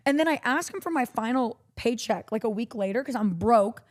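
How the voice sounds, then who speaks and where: Animated young woman telling a wild story. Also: a little high, a little fast, hardly any pauses. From Corpus Christi, Texas. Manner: animated, acts out quotes, swears a lot. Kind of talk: casual storytelling.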